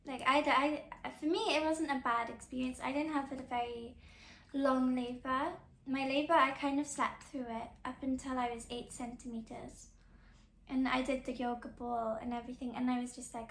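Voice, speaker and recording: A young woman talks casually on her podcast in a high, slightly gravelly voice. She rambles, restarts her sentences and fills them with fillers. The room around her sounds echoey. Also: little pitch movement, normal speed, a bit bright, slight background noise. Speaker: podcast host. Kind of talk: casual chat.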